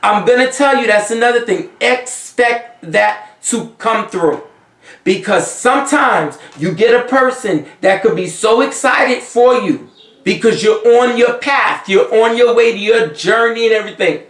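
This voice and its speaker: A man with a Haitian accent, a vodou priest giving animated, emphatic spiritual advice in a casual monologue. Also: high voice, unhurried. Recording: roomy sound, distant from the mic.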